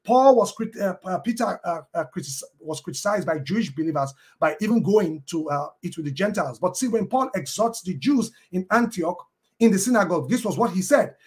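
A man arguing in a formal debate, quoting scripture at length and pausing often with ums and uhs. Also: high voice, lively intonation, a little mellow. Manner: halting, with many ums and uhs and restarts.

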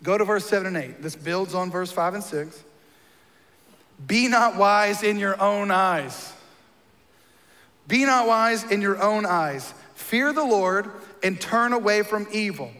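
A man with a high, forceful, bright voice preaches in a church, and long reverb rings behind him. He moves between easy, joking conversation and emphatic, punchy lines. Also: animated, moderate pace. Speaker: pastor. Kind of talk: sermon.

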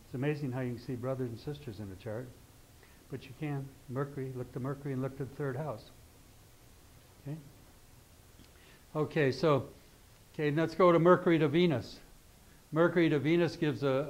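A man's voice: a little high, steady tone, normal speed, long pauses, rough recording. Older man teaching astrology, chatty. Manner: conversational, keeps checking in with "okay?"; rambling asides and restarts. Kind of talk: informal classroom lecture.

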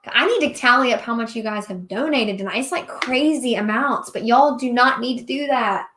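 A woman's voice: a little high, moderate pace, fairly bright tone. A woman, chatting casually while hosting a live question-and-answer stream and laughing often. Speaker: livestream host, craft seller.

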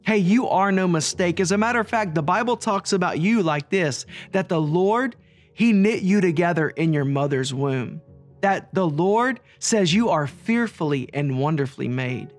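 Male ministry leader with a high voice, preaching an earnest gospel message with repeated phrases over faint music. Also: expressive, moderate pace.

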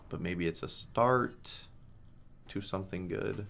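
A man with a very low voice calls out slot spins as he plays, cursing freely and groaning or yelling at the reels. Quiet game music plays underneath him. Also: slow, creaky. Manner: swears a lot, groans and shouts at spins. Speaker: online slots streamer. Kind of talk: live gambling commentary.

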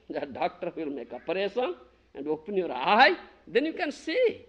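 A man from India delivers a devotional lecture in a high voice that leaps wildly up and down. He presses his points emphatically, checks often that his listeners follow, and breaks into chanted verses. It is an archive recording from 1990. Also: huge pitch swings, a little slow, fairly bright tone, muffled recording. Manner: emphatic, keeps asking "you understand?", chants verses. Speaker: spiritual teacher giving a lecture. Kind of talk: devotional lecture to a small gathering.

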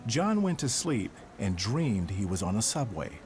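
A man reading the scripted narration of a documentary in a measured storytelling voice. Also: on the low side, big pitch swings, music in the background.

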